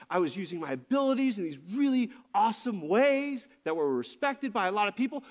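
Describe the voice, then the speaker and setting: A man's voice: high voice, big pitch swings, brisk, hardly any pauses. A man preaching as a pastor, speaking candidly and confessionally, often restarting his sentences as he searches for words. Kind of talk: candid sermon.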